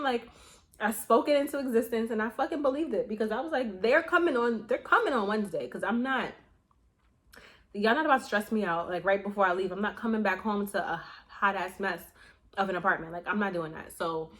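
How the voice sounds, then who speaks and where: A young adult woman vlogger chatting casually to her viewers, telling a story in an animated way with slang and swearing. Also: medium pitch, quick pace. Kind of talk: casual chat to camera.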